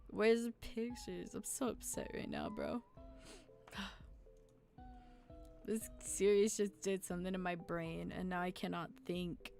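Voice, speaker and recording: A young adult woman streaming a game, chatting casually in an excitable, slangy way and quick to laugh and groan. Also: lowish voice, gravelly, faint music behind. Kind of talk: casual live-stream gameplay commentary.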